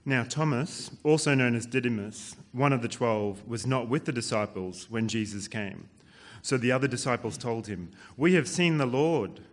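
A man reading scripture aloud to a church in a steady, measured way. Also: mid-range voice. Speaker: scripture reader.

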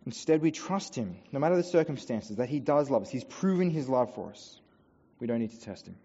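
A man's voice: mid-range voice, lively intonation, fairly quick. Earnest male preacher in an echoing hall. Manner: earnest preaching, builds to emphatic peaks then drops soft. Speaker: pastor. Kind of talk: sermon. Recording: dull sound in a long-reverb hall.

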